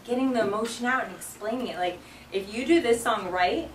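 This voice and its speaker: A young woman explains to her class in a loose, chatty way, acting out song lyrics and filling her talk with "like" and "um." Her voice sits a little high. She is recorded from across an echoey classroom with a faint hiss behind her. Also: brisk. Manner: chatty, lots of "like" and "um", acts out lyrics. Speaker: sign language teacher. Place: classroom with students. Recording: echoey room, voice from far off.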